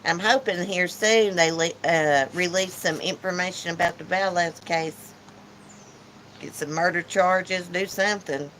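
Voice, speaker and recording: A woman's voice: lowish voice, fairly even intonation, a little slow, fairly bright tone, a little hiss or hum, low-quality recording. Chatty woman on a porch. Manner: chatty, teasing, reads chat aloud. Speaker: channel host. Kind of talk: casual livestream chat. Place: porch outdoors.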